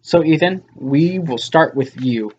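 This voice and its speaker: A man's voice: fairly high pitch, expressive, a little slow, a little mellow, muffled recording. A man recapping a TV episode in a loose, casual way, with lots of fillers and quoted lines. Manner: loose retelling with many fillers and quoted asides.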